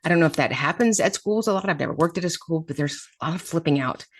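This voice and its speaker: A woman's voice: low-pitched, animated, fast, slightly rough, no room sound. A woman hosting a podcast on special education, telling a story from a meeting in a direct and emphatic way. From Florida. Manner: direct, emphatic straight talk.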